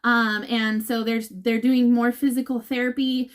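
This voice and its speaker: A woman's voice: fairly high pitch, level tone, measured pace, clean tone. A woman giving a casual update to her followers, emotional and laughing, now and then near tears. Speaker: vlogger updating viewers.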